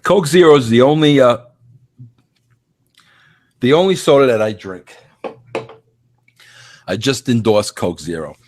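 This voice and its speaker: A man's voice: mid-range voice, animated, unhurried, long pauses, a little mellow. A man in his fifties hosting a podcast monologue, emphatic and full of stammering restarts. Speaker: podcast host. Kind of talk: casual monologue.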